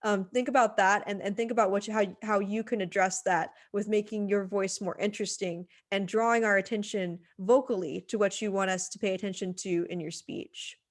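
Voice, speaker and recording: A woman's voice: medium pitch, steady tone, a little fast, few pauses. A woman teaching presentation skills in a recorded lecture, conversational, with frequent fillers and restarts, speaking into a computer microphone. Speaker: writing center instructor.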